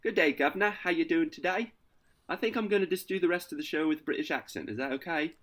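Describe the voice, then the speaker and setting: A man voicing a hammy posh English gentleman in an exaggerated mock British accent. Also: fairly high pitch, fast, voice pushed up.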